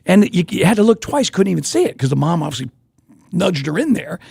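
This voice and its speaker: A man co-hosting a sports radio show, telling stories in an animated casual chat from a studio microphone. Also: high voice, gravelly, breathy edge, dry recording. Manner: animated storytelling, quick and chatty.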